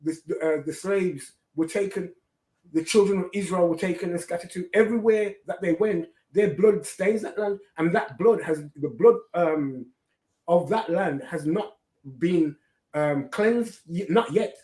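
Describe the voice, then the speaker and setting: A man with a fairly high voice hosts religious commentary, preaching and often checking with "right?". His voice rings in an echoey room. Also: unhurried, a little mellow. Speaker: host.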